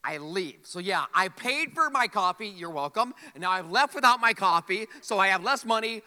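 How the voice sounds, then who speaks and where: A man in his forties preaching a humorous sermon, telling a story with comic frustration and quick asides to the audience. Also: sits high, lively intonation, pushed and bright, big-room sound. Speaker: pastor. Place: large church hall.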